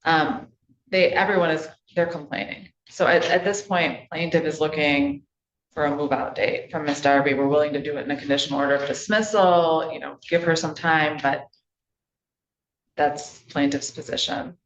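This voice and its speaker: A woman speaking for the landlord in court, brisk and businesslike. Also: low voice, steady tone. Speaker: landlord's attorney. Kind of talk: courtroom statement. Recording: echoey dull courtroom recording.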